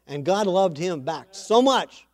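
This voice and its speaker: A man delivers a sermon in a high, bright-toned voice that rises as he acts out the characters. The sound is dry and close. He tells the story with animated, building energy. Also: unhurried, no echo. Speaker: preacher.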